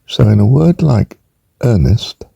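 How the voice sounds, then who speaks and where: An older man gives a relaxed, rambling spelling lesson in a deep, unhurried voice that swoops widely in pitch. His tone is dark and very husky, with a gravelly edge, and the recording is dry and close. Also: no echo. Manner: rambling, chuckling asides, drawn-out pronunciations. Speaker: teacher. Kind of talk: informal spelling lesson, musing aloud.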